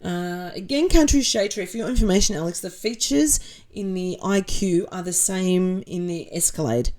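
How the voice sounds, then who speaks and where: An Australian woman chats casually as a livestream host, reading out viewer comments and replying bluntly, with sarcasm and the odd swear word. Her voice sits on the low side and has a mellow, warm tone. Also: normal speed.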